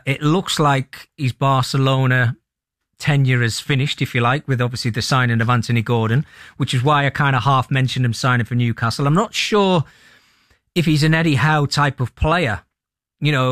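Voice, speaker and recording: A man speaking as a football pundit on radio, thoughtful and halting, with frequent restarts. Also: mid-range voice, fairly bright tone, dry recording, studio quality. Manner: thoughtful, many restarts and ums. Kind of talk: sports radio discussion.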